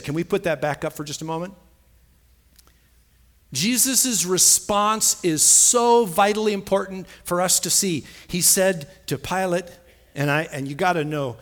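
A man's voice: high-pitched, a bit bright. A man preaching a sermon, stressing key phrases and repeating lines for emphasis. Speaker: pastor.

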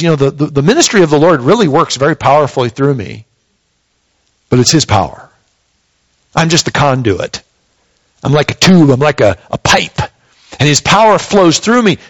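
A man preaching a sermon, reading scripture aloud and explaining it with emphatic, rising emphasis. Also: on the high side. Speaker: pastor.

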